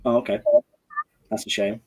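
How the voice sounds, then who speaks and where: A man's voice: on the low side, little pitch movement, moderate pace, breathy edge. A man hosting a casual football livestream, chatting and reading out viewer comments. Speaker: livestream host.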